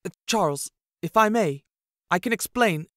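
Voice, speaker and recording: A man's voice: on the high side, moderate pace, dry recording, studio quality, natural voice. A man voicing a nervous male sidekick who stammers his excuses.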